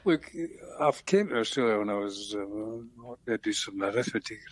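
An older man with a Scottish accent, a songwriter being interviewed on radio, talking in a reflective, unhurried way with many pauses and restarts. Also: on the low side, slightly rough. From Scotland. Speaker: guest songwriter.

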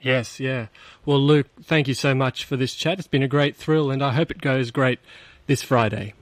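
A man, a radio host interviewing a guest in a friendly, slightly halting way. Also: medium pitch, no room sound. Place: radio studio.

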